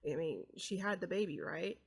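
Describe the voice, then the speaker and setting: A woman's voice: lowish voice, animated, moderate pace, vocal fry, crowd noise. A woman voicing an incredulous young adult son in a life-sim game, questioning his father.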